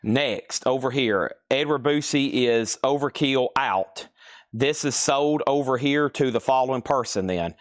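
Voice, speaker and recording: A man hosts a live sales stream, rattling off record prices and sold items in a brisk, repetitive auctioneer style. His voice sits at an ordinary middle pitch. The sound is close and dry, with no room around it. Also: dry recording. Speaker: host of a live record sale.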